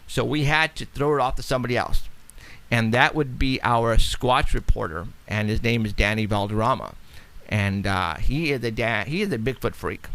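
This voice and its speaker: Gravelly-voiced man hosting a chatty show. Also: medium pitch, moderate pace, fairly bright tone. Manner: rambling, chatty, laughs often. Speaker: radio show host. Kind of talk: casual radio talk.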